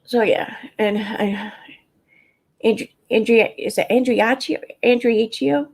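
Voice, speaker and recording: A woman's voice: mid-range voice, steady tone, slow pace, a little mellow, breathy edge. A woman with a Midwestern American accent hosting a casual livestream, rambling, swearing and answering her chat. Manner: rambling, profane, talks to chat. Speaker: livestream host.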